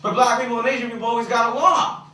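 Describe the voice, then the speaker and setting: A young man from the Philippines doing an animated stand-up set with crowd work, shouting some punchlines. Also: very high voice, rapid-fire. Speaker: stand-up comedian. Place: comedy club stage. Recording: echoey club recorded from far off with noise.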